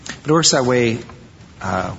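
A pastor from Iowa giving a conversational, animated sermon to his church, acting out quoted voices now and then. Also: medium pitch, a little slow, a little hiss or hum. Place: church sanctuary. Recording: dull reverberant church recording.

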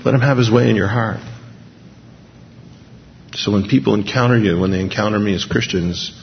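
A man's voice: lowish voice, moderate pace, creaky, slight background noise. A man preaching an impassioned sermon in a church hall, building to emphatic repeated peaks. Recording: dull lo-fi recording with long hall reverb.

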